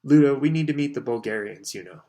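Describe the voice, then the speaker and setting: A man's voice: lowish voice, normal speed, fairly bright tone, lightly acted. A man voicing a stiff, precise elderly official in an audiobook, speaking in a clipped, dry, impatient manner. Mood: sharp.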